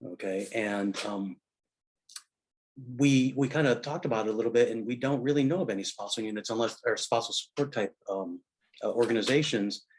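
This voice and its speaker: A middle-aged man and military veteran in casual conversation, telling stories in a halting way full of fillers and restarts. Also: lowish voice. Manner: rambling anecdotal storyteller.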